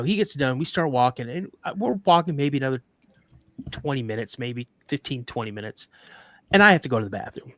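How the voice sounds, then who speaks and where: A man guest on a podcast, casually telling a story in an animated way, acting out quoted dialogue and often restarting his sentences. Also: mid-range voice, dry recording.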